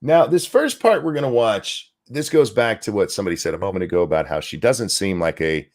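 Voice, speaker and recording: A man hosting a ranting commentary show, profane and indignant, talking in fast bursts. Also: lowish voice, expressive.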